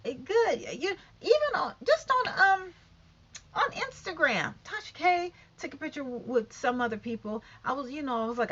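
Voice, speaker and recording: A woman's voice: high voice, moderate pace, lo-fi sound. A woman in her fifties ranting bluntly and profanely in a casual vlog. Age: 50s. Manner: blunt, profane, animated and emphatic. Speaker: vlogger. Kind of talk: casual rant to camera.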